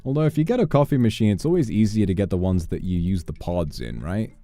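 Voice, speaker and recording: A man's voice: sits low, animated, fast talker, hardly any pauses, dark tone, dry recording, soft background music. A young man chatting on a gaming livestream, rambling into mock-exasperated rants with plenty of swearing. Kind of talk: casual livestream chat while gaming.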